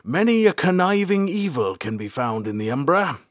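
Man doing a hearty jokey adventurer, loud, raised pitch, dry. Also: sing-song, normal speed, no room sound. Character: boisterous friendly male adventurer.

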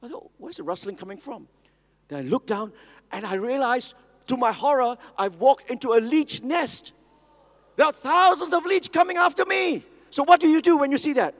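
This male preacher has a high voice and speaks at a normal pace, telling stories and repeatedly putting questions to the audience. The long reverb of a large hall carries every line.

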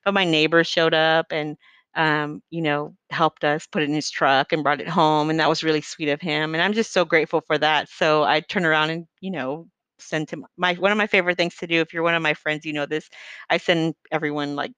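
Earnest and meandering, with plenty of fillers, a middle-aged woman shares a heartfelt monologue about her faith. She speaks a little fast in a steady, smooth, clear voice that sits slightly low yet sounds fairly bright, recorded close and dry with no room sound or echo.

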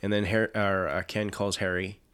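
A man's voice: low voice, level tone, normal speed, a bit bright, smooth. A man co-hosting a casual film discussion podcast, enthusiastic and chuckling as he quotes his favorite lines. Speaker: podcast co-host.

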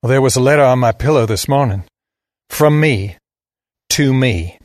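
A man's voice: medium pitch, normal speed, a little mellow, dry recording, studio quality, natural voice. A man voicing a defiant, sneering teenage farm boy with a Southern drawl. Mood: wondering. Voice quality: drawling, cocky.

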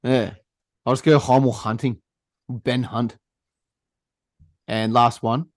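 A young Australian man hosting a casual podcast chat, laughing often and swearing freely in relaxed banter. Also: mid-range voice, slow, dry recording, clean studio sound. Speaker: podcast host.

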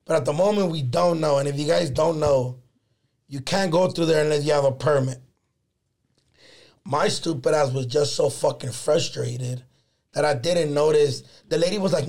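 A man's voice: on the high side, moderate pace, creaky. A young man telling a story in a casual podcast chat, swearing freely and slipping in Spanish slang. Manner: profane, animated storyteller, slips in Spanish slang.

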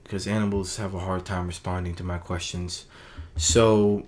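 A man's voice: low voice, flat delivery, moderate pace, darkish tone. A man talking through a casual late-night monologue in a rambling, earnest way, often restarting his sentences. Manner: rambling, earnest, self-correcting.

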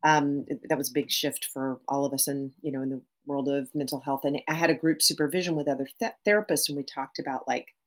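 A middle-aged woman therapist speaking as a podcast guest, animated, often restarting phrases and adding "right?". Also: extremely low pitch, quick pace, few pauses. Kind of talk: podcast interview.

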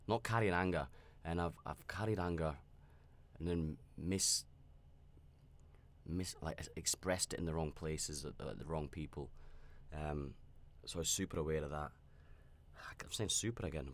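A man with a very deep voice tells a personal story on his own podcast. He talks candidly and reflectively, often restarting his sentences and filling pauses as he rambles. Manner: reflective and self-aware. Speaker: podcast host.

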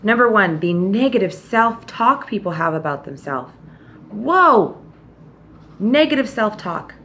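A woman hosts her own podcast, speaking straight to listeners in a motivational monologue. She is blunt and pushes them to try harder. Her voice sits in a middle range, and her quotes of other people come out bright and animated. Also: medium pitch, moderate pace, a little hiss or hum. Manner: direct tough-love talk, animated quoting. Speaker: podcast host.

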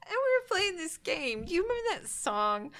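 A woman's voice: very high voice, sing-song, normal speed, a bit bright. Giggly swearing woman, drawl. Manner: giggly, swears freely, storytelling. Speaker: podcast co-host. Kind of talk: casual chat.

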